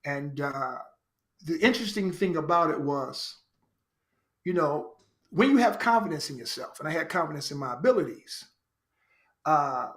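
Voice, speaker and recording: A man from Chicago, a podcast guest, telling his life story in an earnest, animated way and repeating phrases for emphasis. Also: on the high side, normal speed, long pauses. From Chicago, United States. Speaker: podcast guest, actor and writer. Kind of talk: reflective personal storytelling.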